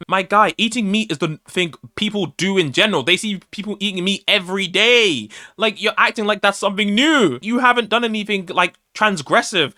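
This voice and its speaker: A man's voice: high-pitched, brisk, few pauses, pushed and bright, dry recording, clean studio sound. A man ranting in an opinion vlog, exasperated and incredulous, his voice worn out. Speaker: vlogger.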